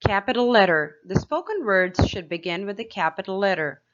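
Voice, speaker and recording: A woman teacher gives young pupils a slow, clear grade-school grammar lesson, asking them questions as she explains each step. Her mid-range voice has lively intonation, and the recording's highs are cut off.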